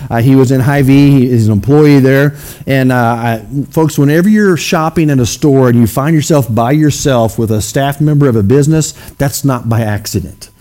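A man preaching a sermon to his congregation in a conversational way, often checking in with the room with a quick "okay?". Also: mid-range voice, dark tone. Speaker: pastor. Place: church sanctuary.

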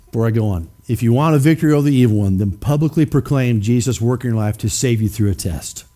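A man's voice: mid-range voice, fast talker, mellow. A man preaching a sermon, emphatic and questioning his congregation directly. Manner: acts out skeptics in mocking voices.

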